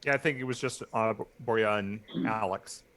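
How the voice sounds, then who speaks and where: A man playing a tabletop game, asking the game master unhurried questions. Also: lowish voice, a bit bright. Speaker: player. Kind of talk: casual chat at the gaming table.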